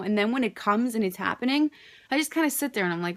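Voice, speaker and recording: A woman's voice: fairly high pitch, quick pace. A young woman talking casually to her camera, candid and rambling, peppering her speech with "like" and frequent swearing. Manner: candid, rambling, swears freely, says "like" often. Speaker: vlogger.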